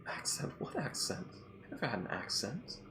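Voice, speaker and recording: A man voicing a soft-spoken, teasing young woman adventurer in a tabletop game, speaking sweetly with feigned innocence. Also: medium pitch, huge pitch swings, normal speed, a little hiss or hum, voice pushed up. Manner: sweet, innocent, mock-puzzled.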